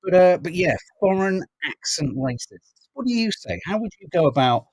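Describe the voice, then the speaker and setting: A man's voice: sits high, big pitch swings, moderate pace, a little mellow, husky, no echo, rough recording. A man hosting a podcast, chatting wryly about news stories and reading out viewer comments. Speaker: podcast host reading the papers. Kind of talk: casual chat.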